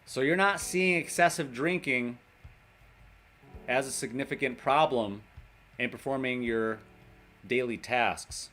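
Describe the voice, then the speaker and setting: A man's voice: mid-range voice, a little slow, pauses often, sharp tone. A man hosting a casual livestream, reading a list aloud, laughing often and chatting with viewers. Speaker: livestream host in recovery.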